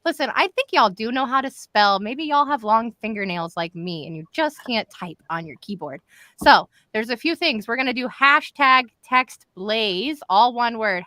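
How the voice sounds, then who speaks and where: Bright-voiced chatty woman host. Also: on the high side, no room sound. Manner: chatty, addresses viewers as y'all. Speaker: host of a live show. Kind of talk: upbeat live stream hosting. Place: home in Florida.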